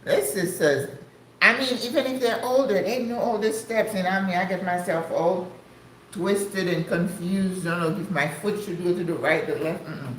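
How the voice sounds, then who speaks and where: An older woman from the United States chatting casually to her viewers, exclamatory and quick to laugh. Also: on the low side, slight background noise. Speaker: vlogger. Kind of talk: casual chat. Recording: echoey room.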